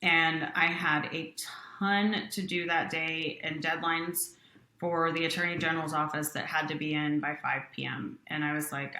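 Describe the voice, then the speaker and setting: Woman guest, low pitch, bright forceful tone, roomy echo; earnest storyteller. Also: normal speed. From Utah. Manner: earnest, animated storytelling with quoted voices. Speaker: company president, guest. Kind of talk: personal storytelling in interview.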